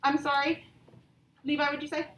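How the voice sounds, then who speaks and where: A woman teaching a grammar lesson to young pupils, patient and encouraging, reading example sentences out slowly. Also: high voice, little pitch movement, a bit bright, a little hiss or hum. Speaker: elementary school teacher. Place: classroom, also streamed to pupils at home. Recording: echoey classroom from far off.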